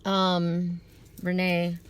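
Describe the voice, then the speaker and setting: A woman's voice: fairly low pitch, completely flat delivery, drawn-out words, clear, resonant tone. A woman giving a live psychic card reading to her viewers outdoors at dusk, talking in an earnest, rambling, spiritual way.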